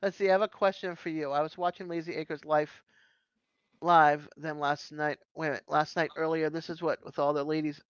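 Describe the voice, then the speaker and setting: A man's voice: on the high side, flat delivery, fairly quick, smooth, dry recording. A man with a Boston accent hosting a casual livestream, chatting, laughing often and greeting viewers from chat. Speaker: livestream host. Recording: dull lo-fi stream audio.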